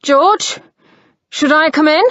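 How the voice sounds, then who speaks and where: A woman's voice: high-pitched, takes it slowly, a bit bright, no room sound, pitched above the performer's own voice. A woman voicing a worried, protective brother who calls out insistently, on a slightly muffled recording. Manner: calling out, insistent. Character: worried protective brother, calling through a door.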